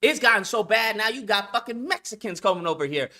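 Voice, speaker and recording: Man, high-pitched, bright edge; hosts a blunt, profane lecture-style rant. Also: animated, brisk. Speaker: channel host. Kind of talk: heated monologue rant.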